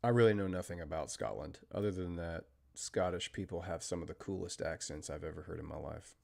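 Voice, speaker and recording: An American man hosting a live trading stream, chatting casually and talking through market moves, with fillers and trailing pauses. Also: sits low, creaky. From United States. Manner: steady technical market commentary. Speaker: trading livestream host.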